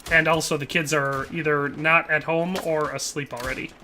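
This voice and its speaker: A man's voice: a little high, steady tone, moderate pace, sharp tone, a little hiss or hum. A man live-streaming a shooter game, chatting casually and reading viewer comments, rambling and tacking playful tag phrases onto his lines. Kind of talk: casual gameplay commentary while reading chat.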